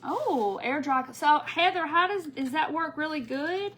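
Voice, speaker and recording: A woman's voice: high-pitched, animated, measured pace, fairly bright tone, a little hiss or hum, low-quality recording. A woman hosting a casual craft livestream, chatting and laughing with viewers by name while she works. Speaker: craft tutorial host.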